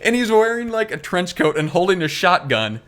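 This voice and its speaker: Man, podcast co-host, casual chat, slightly high voice, rambling, frequent laughter. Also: very animated, normal speed, very noisy. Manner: laughs often, rambling with many fillers.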